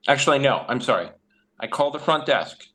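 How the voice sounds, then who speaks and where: A man playing a tabletop game, planning his move out loud with restarts. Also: medium pitch, expressive, brisk. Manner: thinking aloud, restarts. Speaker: player. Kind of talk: casual tabletop game play.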